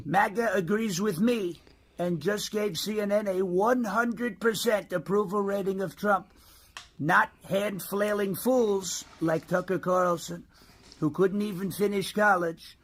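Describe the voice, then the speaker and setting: A man's voice: high voice, husky. A man doing a brash president impression. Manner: boastful, mocking, drawn-out emphasis. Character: impression of a brash male president reading his post. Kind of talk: comic impression.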